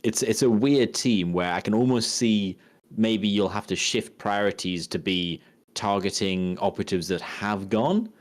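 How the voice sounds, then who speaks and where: A man's voice: lowish voice, measured pace. A man co-hosting a casual podcast chat, working through game tactics aloud and restarting his sentences as he goes. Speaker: podcast co-host.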